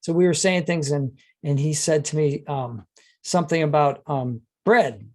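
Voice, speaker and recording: A man hosting a podcast who tells anecdotes in a chatty way and gets animated when quoting others. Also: fairly high pitch, moderate pace. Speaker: podcast host. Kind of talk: casual conversation, anecdotes.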